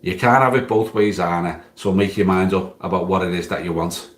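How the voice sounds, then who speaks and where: Low-voiced man reading in an echoey room. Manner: measured, steady reading of a prepared piece. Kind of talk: scripted opinion read-out.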